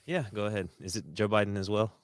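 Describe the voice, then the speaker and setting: A man with a fairly low voice who co-hosts a podcast and cracks sarcastic jokes, stumbling over fillers in between. The sound is dry and close to the mic. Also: fast talker, dry recording. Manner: sarcastic joking. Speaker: podcast co-host. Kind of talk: casual chat.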